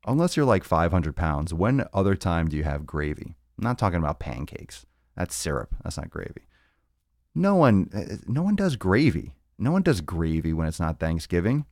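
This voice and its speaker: A man's voice: low-pitched, very animated, moderate pace, darkish tone, no echo, studio quality. A man hosting a live fitness podcast, talking in a rambling, joking way with plenty of swearing. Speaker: podcast host. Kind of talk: casual live-stream monologue.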